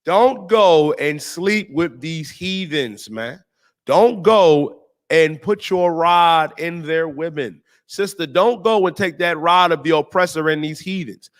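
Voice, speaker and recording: A man hosting a talk show, preaching on scripture in slangy, emphatic speech and drawing out the verses slowly. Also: a little high. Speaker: host and teacher.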